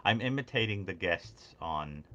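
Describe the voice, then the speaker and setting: A man's voice: deep voice, expressive, a little slow, muffled recording, a crowd in the background. A man chatting playfully on a call-in show, teasing the caller and laughing easily. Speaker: podcast guest. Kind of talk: casual call-in chat.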